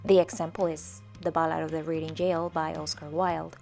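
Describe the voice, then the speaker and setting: A woman's voice: sits low, flat delivery, moderate pace, gravelly, a little mellow, faint music behind. A woman hosting her own channel, casually reading and analyzing poems in a chatty way with fillers and frequent laughs. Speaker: channel host.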